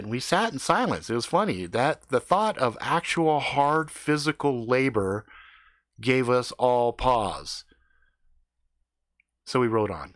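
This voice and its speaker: Brief: male storyteller, swearing a lot, pitch jumping around, very dry close sound. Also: dry recording. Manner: profane, animated, playful. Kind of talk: improvised comedic story.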